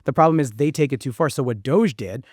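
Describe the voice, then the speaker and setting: Fast blunt guy on a podcast, lots of ums and likes, dry close mic. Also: mid-range voice, no echo. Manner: fast, animated talker with frequent fillers and swearing. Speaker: podcast guest. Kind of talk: casual conversation.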